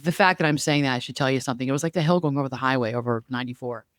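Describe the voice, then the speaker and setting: Woman podcast co-host, smooth voice, dry close sound, animated chatty storyteller. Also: rumbling low, rapid-fire, dry recording. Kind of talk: casual podcast conversation.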